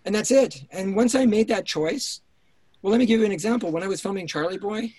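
Male guest, intense storyteller, a bit high-pitched, dry close sound, swears and restarts a lot, remote call. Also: a little fast, darkish tone, no echo. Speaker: writer-director guest. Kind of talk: casual interview storytelling.

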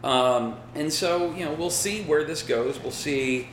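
A man's voice: on the high side, unhurried, roomy sound, a little hiss or hum. A man in casual banter as a podcast co-host, laid-back and rambling, swearing now and then. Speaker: podcast co-host picking fights. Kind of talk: casual chat.

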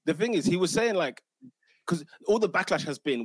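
Excitable man. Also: a little high, moderate pace, husky, no room sound. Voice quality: bantering and excitable, full of slang. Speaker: podcast host. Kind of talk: casual football chat.

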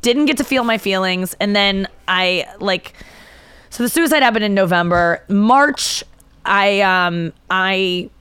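A woman's voice: medium pitch, slow pace, fairly bright tone, clear, resonant tone. A young woman talking as a podcast guest, telling a candid story in casual chat and acting out the quoted lines. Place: indoor studio room.

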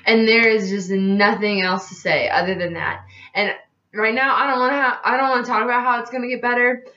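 A woman's voice: mid-range voice, fairly bright tone. Young female host, candid and rambling, near tears; echoey room, dull recording. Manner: rambling and frank, heavy use of "like". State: upset, close to tears. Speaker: podcast host. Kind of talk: candid casual vlog talk. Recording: roomy, dull lo-fi sound with faint music.

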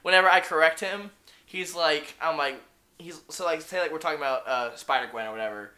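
A woman's voice: sits low, a little fast, pushed and bright. A woman co-hosting a podcast, talking crudely and doing impressions, with a slight stutter. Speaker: podcast co-host. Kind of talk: casual podcast banter.

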